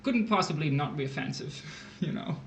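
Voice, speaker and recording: A man's voice: on the high side, lively intonation, moderate pace, gravelly, roomy sound, a little hiss or hum, rough recording. A man hosting a tutoring stream, chatting casually and joking with word puzzles. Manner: jokey, playful with words.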